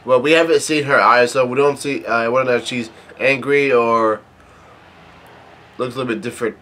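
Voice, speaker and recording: A man casually reading through and reacting to a manga chapter, halting often with fillers and restarts. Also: medium pitch. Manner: reads quoted dialogue flatly without acting.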